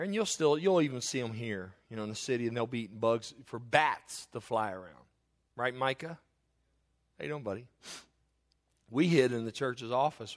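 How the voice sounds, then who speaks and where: A middle-aged man, preaching a sermon as pastor and telling homespun stories with many restarts and asides. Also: mid-range voice. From Eastern Kentucky.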